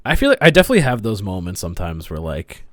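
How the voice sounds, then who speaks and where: A man with a mid-pitched voice that rises and falls a lot, chatting loosely on a podcast, rambling and swearing casually. The sound is dry and close. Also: huge pitch swings, racing, a bit bright, no room sound. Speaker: podcast co-host. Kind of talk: casual chat.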